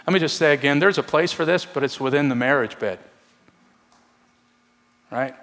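A male pastor preaching a sermon, earnest and pleading, sometimes dropping to a hush for emphasis. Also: a little high, moderate pace, long pauses. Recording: long hall reverb.

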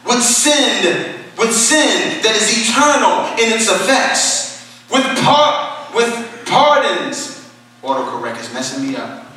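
A man preaching a sermon, moving between quiet, low explanation and loud, impassioned exhortation. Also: big pitch swings, slow pace. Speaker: pastor. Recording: echoey hall, mic at a distance.

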